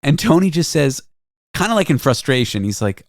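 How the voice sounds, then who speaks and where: A man hosting a podcast, telling stories in an animated, self-deprecating way. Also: fairly high pitch, a little fast, no echo, clean studio sound. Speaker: podcast host. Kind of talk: casual chat.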